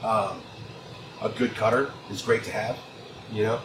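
A man's voice: lowish voice, steady tone, unhurried. A Texan man chatting casually about cigars, rambling and repeating his words. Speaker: tobacconist guest. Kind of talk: casual chat. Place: inside a train car lounge. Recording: roomy echo, clear background noise.

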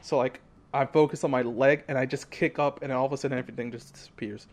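A young man co-hosting a podcast, telling a story in a loose, animated way with lots of fillers. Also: medium pitch, fast. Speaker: podcast co-host. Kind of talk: casual chat.

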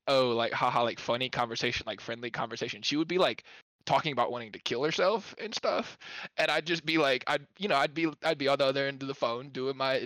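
A young man rambles through stories while chatting casually with friends, dropping lots of "like" fillers and laughing along the way. His mid-range voice sounds pushed and bright, and the recording is dry.

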